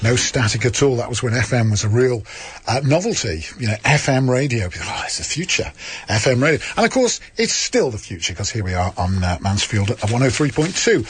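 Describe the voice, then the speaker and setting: A middle-aged man hosting a radio talk show, with dry, self-mocking banter and a husky voice. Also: mid-range voice, expressive, a little fast. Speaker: radio host.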